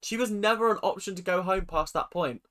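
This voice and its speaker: Brief: male host, fairly high voice, effusive casual reaction chat. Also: fairly quick. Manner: animated and effusive, with quoted asides.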